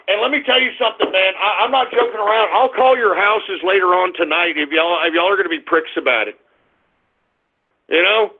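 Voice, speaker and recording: A man hosting a call-in internet radio show, ranting in a brash, confrontational way with drawn-out taunts. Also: sits high, creaky, background noise. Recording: tinny phone-like audio.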